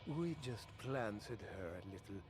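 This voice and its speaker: An actor playing a smug, sinister older cult leader in a video game, slow and mock-polite. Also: male voice, lowish voice, animated. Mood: gloating. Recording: game audio over music.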